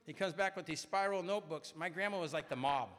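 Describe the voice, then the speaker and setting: A man's voice: fairly high pitch, quick pace, in a large hall, heavy background noise. A middle-aged man telling a personal story to a meeting, chatty and often asking "right?". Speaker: recovery meeting speaker. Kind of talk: personal story told to a crowd.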